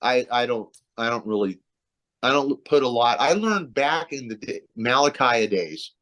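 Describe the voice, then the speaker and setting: Animated and moderately paced, a man with a medium-pitched, fairly bright voice talks about his life as a metal vocalist. It's a casual video-call interview, and he rambles with lots of restarts and fillers.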